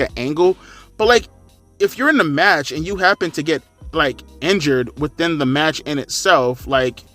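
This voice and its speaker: High bright-voiced man ranting. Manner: rambling, profane, sarcastic. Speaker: wrestling commentator. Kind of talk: casual wrestling review.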